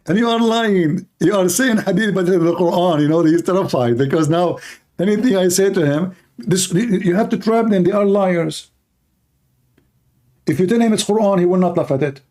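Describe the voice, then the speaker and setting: A man hosting a live call-in debate stream, mocking and combative in manner, his voice hoarse and tired with occasional coughs. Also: high voice, moderate pace, darkish tone. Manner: mocking, combative, repeats points rhetorically. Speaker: livestream host debating callers.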